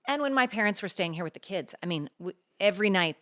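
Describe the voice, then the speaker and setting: This woman talks quickly in a medium-pitched voice. She's a middle-aged talk-show co-host sharing a personal anecdote in an earnest, lively way, voicing the lines of the people involved as casual podcast chat.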